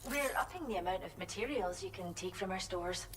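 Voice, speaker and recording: A woman's voice: fairly low pitch, expressive, a little fast, fairly bright tone, a little hiss or hum. An actress voicing a courteous woman shelter worker in a video game. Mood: polite. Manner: courteous, businesslike. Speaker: animal shelter staff. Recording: game audio with music underneath.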